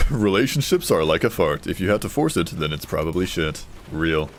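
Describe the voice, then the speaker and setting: Male streamer, very low voice, offhand joking commentary over faint game noise. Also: sing-song, normal speed. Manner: joking, reading chat aloud, offhand. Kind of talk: casual gaming stream commentary.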